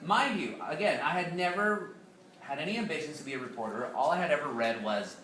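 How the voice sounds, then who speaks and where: A man in his thirties from the United States, speaking as a guest to an audience in an animated storytelling way, laughing often. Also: on the high side, brisk, slight background noise. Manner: animated, laughs often, playful Spanish slang. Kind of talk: lively storytelling talk to an audience. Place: hall with an audience. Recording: echoey room, mic far off.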